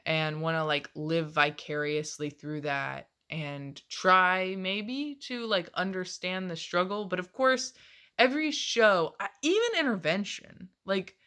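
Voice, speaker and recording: Slow-talking low-voiced woman vlogger. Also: expressive, sharp tone, smooth. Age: late 20s. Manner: loose, rambling, swears often, laughs between phrases. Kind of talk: casual confessional monologue.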